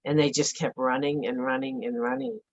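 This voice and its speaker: A middle-aged woman giving a halting, emotional personal account as an interview guest, with many fillers and restarts. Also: low voice, big pitch swings, vocal fry, a little mellow, breathy edge, dull audio. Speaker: interview guest, bereaved mother.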